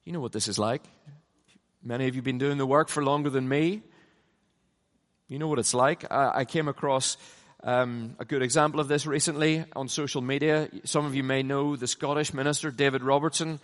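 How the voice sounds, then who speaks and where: A middle-aged man preaching a conference sermon, emphatic, swinging from loud passionate peaks down to low, quiet lines. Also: steady tone, fairly quick. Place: large conference hall. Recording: long hall reverb.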